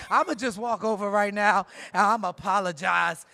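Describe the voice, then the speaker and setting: A man hosting at a live conference stage, giving loud, playful shout-outs and jokes like a hype man. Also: sits high, normal speed, gravelly. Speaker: event host.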